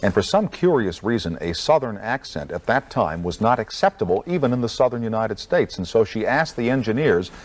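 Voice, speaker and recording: A man's voice: fairly low pitch, very animated, fairly quick, hardly any pauses. A man hosting a television talk show in a studio, asking probing questions and telling chatty stories. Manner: probing, chatty, laughs at his own stories.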